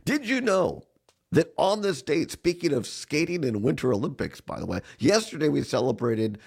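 Chatty man, gravelly husky voice. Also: on the high side, sing-song, normal speed, a little mellow. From Southwest Wisconsin. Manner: chatty, laughs often. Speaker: radio co-host. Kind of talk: morning radio chat. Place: on location at a ski race.

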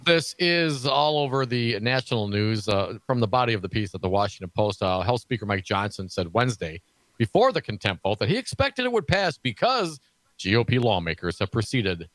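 A man's voice: fairly low pitch, sing-song, normal speed, fairly bright tone, no echo, low-quality recording. A man co-hosting a political talk show, reading news items aloud with sarcastic asides. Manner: sarcastic asides between read quotes. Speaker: co-host.

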